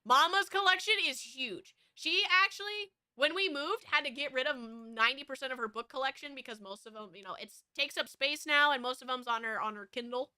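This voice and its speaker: A woman's voice: high-pitched, fairly quick, hardly any pauses, bright, forceful tone, clear, resonant tone, no room sound, studio quality. A woman streamer with an American West Coast accent, chatting casually and rambling. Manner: rambling, with frequent fillers and restarts. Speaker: VTuber streamer. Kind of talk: casual chat.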